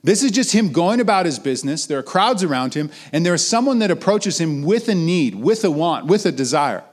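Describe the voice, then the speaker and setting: A fairly high-voiced young man preaching to a gathering in an easy, talky way. He pushes up into lively, emphatic questions, then sinks his voice down low and quiet to let a line land. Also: fairly quick. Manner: conversational preaching, swinging between raised emphatic lines and low trailing ones. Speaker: pastor. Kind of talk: sermon.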